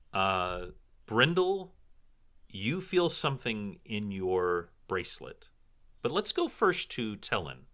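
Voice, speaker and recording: A man narrating a tabletop fantasy game as dungeon master, telling the scene with dramatic flair. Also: fairly low pitch. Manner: animated, dramatic storytelling.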